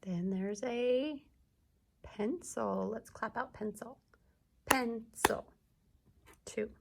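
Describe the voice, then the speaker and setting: A woman teacher giving a video lesson to young children, sounding out words slowly and clearly. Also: fairly high pitch, background noise. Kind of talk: early-grades classroom video lesson.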